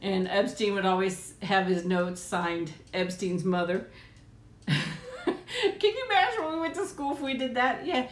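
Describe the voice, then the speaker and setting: A middle-aged woman chats casually through a live stream on her tablet at home. She laughs often and coos affectionately at her pet. Her voice sits at an ordinary middle pitch, and the room around her is noticeably echoey. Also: animated, a little slow.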